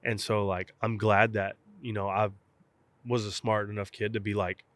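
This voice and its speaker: A young professional baseball catcher from South Texas, appearing as a guest in an interview, casually tells a story and acts out both sides of old phone calls with animation. His voice is fairly low, at a moderate pace.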